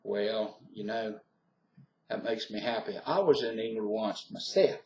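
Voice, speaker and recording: A man's voice: lowish voice, unhurried, a little mellow, reverberant, low-quality recording. A man voicing a chatty Southern local with a Tidewater Virginia accent, recorded on a webcam. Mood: friendly.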